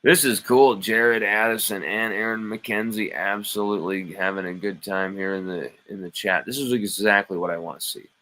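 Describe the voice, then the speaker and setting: A man's voice: lowish voice, moderate pace, few pauses, bright, forceful tone, rough recording. A man hosting a live sports stream, reading chat comments aloud and arguing back with playful mock indignation.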